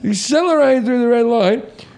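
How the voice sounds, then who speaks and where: A man, a comedian and podcast host, telling a story in casual chat, growing loud and animated as the tension builds. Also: extremely high pitch, moderate pace, creaky. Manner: animated, grows loud and excited at the story's peak.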